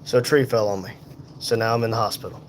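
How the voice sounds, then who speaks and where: A man in pain and tired, hosting a casual livestream from a hospital room on a phone, reading viewer comments aloud in an unhurried, folksy way. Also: fairly low pitch, fairly even intonation, slight background noise. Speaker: livestream host reading chat. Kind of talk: casual live chat.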